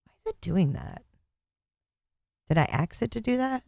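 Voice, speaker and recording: A woman's voice: fairly low pitch, wildly swooping pitch, moderate pace, gravelly, a little mellow, no room sound, clean studio sound. A middle-aged woman hosting a casual livestream from home, chatting and thanking her viewers by name, speaking into a desk mic. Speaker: livestream host.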